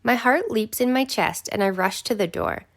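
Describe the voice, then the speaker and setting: A woman's voice: fairly high pitch, moderate pace. A woman narrating a romance audiobook in the first person, with a breathless, intimate delivery.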